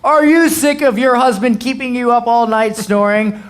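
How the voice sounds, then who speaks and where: Brief: over-the-top male infomercial pitchman, loud and raised in pitch, put on by a coach mid-lesson. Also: steady tone, moderate pace, natural voice. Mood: hyped. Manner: loud, hyped, exaggerated selling.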